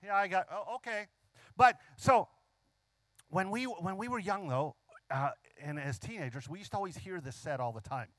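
A man preaching a sermon in a fairly high voice, leaning hard on key phrases and stretching them out. He keeps asking his listeners questions. The sound is dry and close, with no room echo. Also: lively intonation, moderate pace, fairly bright tone. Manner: asks the congregation frequent rhetorical questions.

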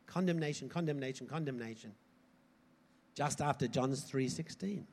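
A man preaching a sermon in an animated way, swinging from loud emphasis to quiet asides. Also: mid-range voice, moderate pace. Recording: hall reverb.

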